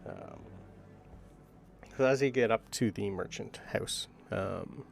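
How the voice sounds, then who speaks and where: A man's voice: on the low side, slow pace, gravelly. A man running a tabletop game as game master, describing scenes casually with frequent ums.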